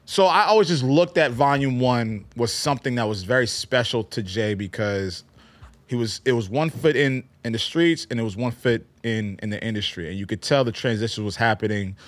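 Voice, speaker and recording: Animated, profane man in casual chat. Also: mid-range voice, moderate pace. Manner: animated, profane, loose storytelling. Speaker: podcast co-host. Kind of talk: casual hip-hop chat.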